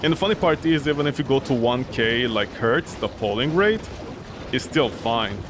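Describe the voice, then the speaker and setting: A man's voice: medium pitch, lively intonation, moderate pace, background noise. A young man streaming a game, rambling and ranting in exasperation, swearing often and sounding weary. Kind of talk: casual gameplay commentary.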